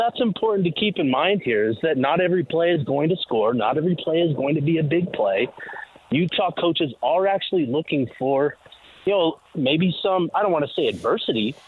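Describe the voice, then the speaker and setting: A man's voice: fairly high pitch, breathy edge. A man calling in as a team insider, giving casual sports analysis with many fillers while walking to the stadium. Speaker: team insider on phone line. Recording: tinny phone line.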